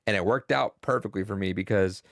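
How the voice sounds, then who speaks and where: A young man co-hosting a podcast, talking about a video game in a rambling, excitable, profane way. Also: on the low side, fairly quick, creaky. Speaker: podcast co-host. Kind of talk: casual gaming chat.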